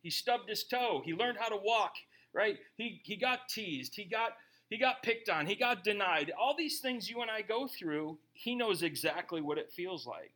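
A middle-aged male pastor preaching a sermon, emphatic and animated, often tagging points with rhetorical asides to the congregation. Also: sits high, normal speed, hardly any pauses.

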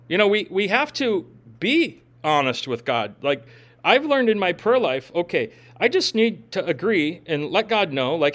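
A man's voice: sits high, unhurried. A man pastor giving a casual, joking sermon with gym and pop-culture asides. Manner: animated, swings between loud and soft. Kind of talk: conversational sermon.

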